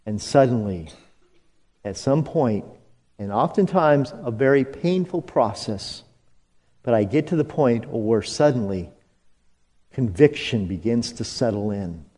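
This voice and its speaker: A pastor delivers his sermon slowly and deliberately, in a voice of middling pitch for a man. He swings from hushed, near-whispered lines to sudden high emphatic bursts, and calls on the congregation to answer him back. His words ring out with the long echo of a church sanctuary. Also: lively intonation. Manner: leads congregation call-and-response. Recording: long reverb of a church hall.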